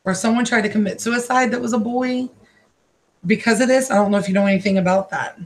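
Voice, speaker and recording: Halting, emotional woman giving a psychic reading. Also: a little high, steady tone. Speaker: psychic card reader. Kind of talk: live-streamed psychic reading. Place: her own room.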